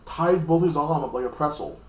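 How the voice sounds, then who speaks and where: A man's voice: fairly high pitch, echoey room. Rambling man recapping an anime episode. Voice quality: acts out characters' lines in quick voices. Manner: loose, rambling, repeats "like this". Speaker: anime reviewer.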